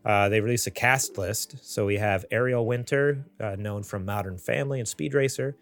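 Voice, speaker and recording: A man's voice: lowish voice, normal speed, no room sound, faint music behind. A man hosting a casual podcast, laughing often and reading gaming news aloud. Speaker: podcast host.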